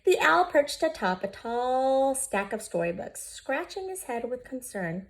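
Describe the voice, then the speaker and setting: Female teacher, 30s, storybook read-aloud, gentle and animated, fairly high voice. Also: measured pace, hardly any pauses, a little hiss or hum. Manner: expressive, gentle, speaks directly to listening children.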